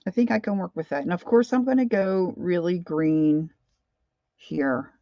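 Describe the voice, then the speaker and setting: A middle-aged woman chatting casually and self-deprecatingly while she draws, halting with fillers as she works. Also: on the low side, animated, no room sound, dull audio. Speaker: art journaling vlogger. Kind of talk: casual live drawing chat.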